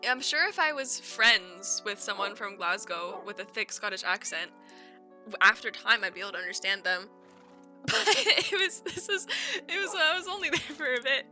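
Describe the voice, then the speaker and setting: A woman's voice: fairly high pitch, normal speed, sharp tone, soft background music. A young woman from Eastern Canada, chatting casually and laughing often as she streams a game. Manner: giggly, rambling storytelling with frequent laughs. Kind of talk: casual chat while gaming.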